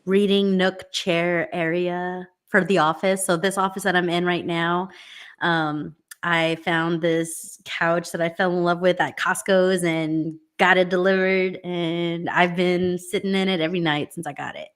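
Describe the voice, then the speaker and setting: A woman's voice: lowish voice, flat delivery, a little slow, clear, resonant tone. A woman co-hosting a podcast, chatty and candid, telling stories with laughs. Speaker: podcast co-host. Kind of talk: casual chat.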